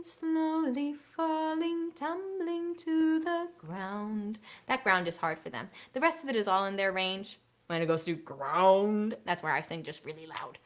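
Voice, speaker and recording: Her pitch is medium as she teaches an online class for elementary music instructors, speaking energetically and casually and occasionally singing brief demo songs.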